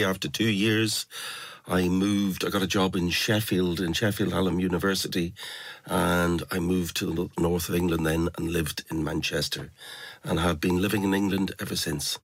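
A man's voice: sits low, no room sound. A man with an Irish accent, talking reflectively and a little hesitantly as a guest in an interview. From Ireland. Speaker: guest poet. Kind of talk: conversational interview.

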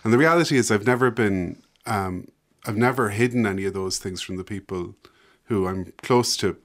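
A man's voice: lowish voice, moderate pace. A man talking reflectively as a guest about his book, often hesitating and laughing. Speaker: author and guest. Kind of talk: casual conversation.

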